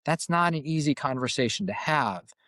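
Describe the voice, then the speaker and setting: A man's voice: a little high, expressive, normal speed, a bit bright, no room sound. A man working as a coach and group facilitator, speaking earnestly in a podcast conversation and often repeating words as he searches for the next one.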